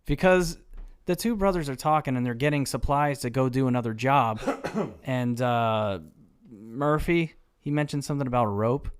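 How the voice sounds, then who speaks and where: Man with a smooth, clear voice. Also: medium pitch, normal speed. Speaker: podcast co-host. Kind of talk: casual chat.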